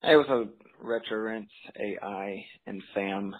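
Lower-voiced man on a tinny voicemail. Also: unhurried. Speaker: caller leaving a voicemail. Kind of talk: recorded voicemail message.

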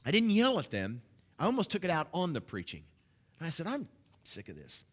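A man preaching as a guest at a church service loosely tells personal stories, halting often, restarting sentences, and filling pauses. Excitement pushes his voice up in pitch and volume, while prayer brings it down to a soft, low hush.

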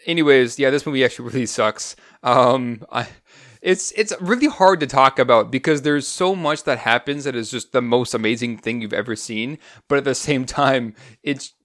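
A man's voice: medium pitch, no echo, studio quality. Rambling man on a movie podcast. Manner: rambling, restarts, animated retelling. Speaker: podcast co-host. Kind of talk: casual movie review chat.

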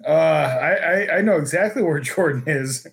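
A man's voice: fairly high pitch, lively intonation, moderate pace, vocal fry, a bit bright. A man co-hosting a comedy podcast, making dry, self-deprecating jokes in casual banter. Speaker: podcast co-host.

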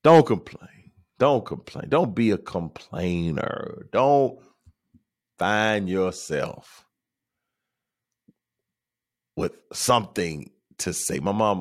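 A man hosts his own show, speaking slowly in a relaxed, preachy monologue. His lowish voice rises and falls a lot, and he drives his points home by repeating the same short phrases. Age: adult. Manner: mocks others in high teasing voices. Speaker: podcast host. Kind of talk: casual monologue.

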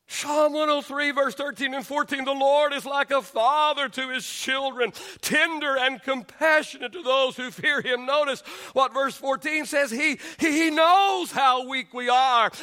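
A middle-aged man preaches to his congregation, his voice sitting unusually high for a man. The tone is bright and ringing, and he repeats phrases and lifts into shouts to drive each point home. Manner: repeats words and builds to shouts on key lines. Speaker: pastor. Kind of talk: sermon.

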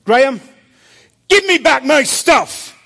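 A man's voice: a little high, slow, vocal fry, slightly rough, heavily acted. A man voicing Jesus in a dream, firm and insistent. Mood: stern demanding. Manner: insistent, repeating demands; soft and tender when gentle. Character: Jesus confronting a man in a dream, stern then tender.

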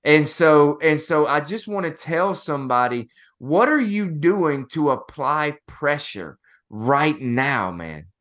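A man co-hosting a motivational podcast talks slowly and tells a story about his family. His voice sits a little higher than most men's. He speaks casually and keeps calling his co-host "bro". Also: sing-song, a bit bright.

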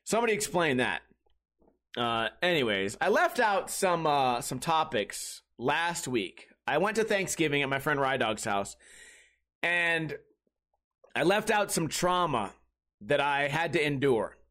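A man with a high voice rambles through a casual comedic monologue as a podcast host. He swears a lot and tells his stories in a lively, animated way. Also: unhurried. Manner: rambling, profane, animated storytelling.

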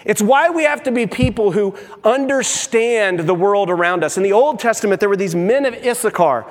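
A male pastor preaching a sermon, animated and acting out the voices he quotes. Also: sits high. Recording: long reverb of a large hall.

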